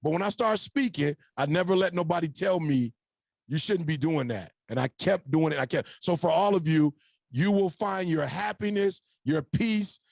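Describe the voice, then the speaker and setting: A man's voice: fairly high pitch, normal speed, vocal fry, darkish tone, no room sound. A man and podcast guest telling his life story in a punchy, preacher-like motivational style, speaking to the audience as y'all.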